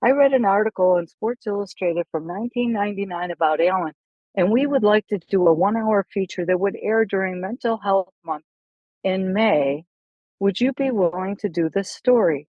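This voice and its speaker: A middle-aged woman, a golf instructor, telling stories animatedly in a casual podcast chat, with quick asides and restarts. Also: mid-range voice, no echo, muffled recording.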